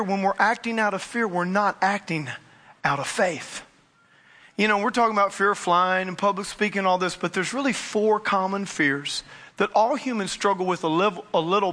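A man preaching with a high, bright voice. He is middle-aged and tells his story in an animated way, acting out the voices of the people in it. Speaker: pastor. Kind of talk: sermon.

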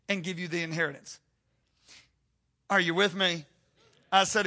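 Emphatic high-voiced male preacher. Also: steady tone, brisk, pushed and bright. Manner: emphatic, calls out to the congregation, repeats for stress. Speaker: pastor. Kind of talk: sermon.

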